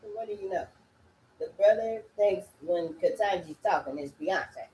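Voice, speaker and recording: A woman talking in a rambling solo monologue, breaking into sing-song chants and sudden loud cursing outbursts. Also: lowish voice, normal speed, echoey room.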